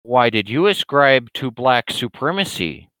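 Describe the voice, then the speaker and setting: A man voicing a belligerent, loudmouthed male internet troll in a higher, louder, slow and drawn-out ranting voice. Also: very animated, smooth, dry recording, poor audio. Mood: mocking rant. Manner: ranting, insulting, drawn-out emphatic delivery.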